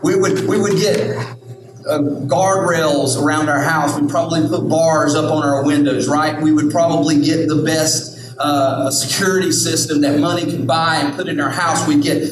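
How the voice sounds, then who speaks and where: A man's voice: a little high, fairly even intonation, moderate pace, hardly any pauses, noisy background. A male pastor preaching a sermon, emphatic and repetitive, often asking the crowd "right?". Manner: repetitive, emphatic, rhetorical questions. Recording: echoey hall, distant mic, music.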